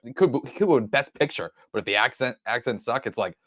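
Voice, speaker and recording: A man with a Boston accent co-hosting a podcast in relaxed, easygoing chat, with some halting starts. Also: medium pitch. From Boston area, US. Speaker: podcast co-host.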